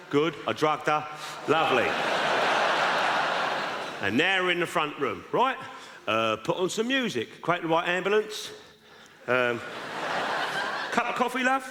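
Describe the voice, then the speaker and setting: A man playing a vain, boastful South London lad with a South London accent, giving dating tips chattily on a live stage. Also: high voice. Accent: South London Cockney. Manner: boastful, chatty, keeps checking "right?". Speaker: stand-up character. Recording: echoey live theatre with audience noise.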